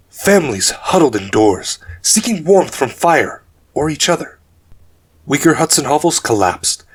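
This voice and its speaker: A man narrating a dark fantasy audiobook in a measured storytelling manner. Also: fairly high pitch, husky.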